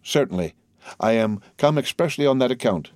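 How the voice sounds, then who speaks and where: A man's voice: mid-range voice, expressive, normal speed, darkish tone, no echo, clean studio sound, lightly acted. A man reading aloud who voices a grave, stiffly dignified older father figure.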